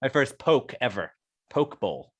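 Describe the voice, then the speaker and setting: A man co-hosting a podcast, telling jokey stories in a casual, animated way. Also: mid-range voice, quick pace, no room sound, dull audio. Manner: joking, animated storyteller. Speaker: podcast co-host. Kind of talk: casual chat.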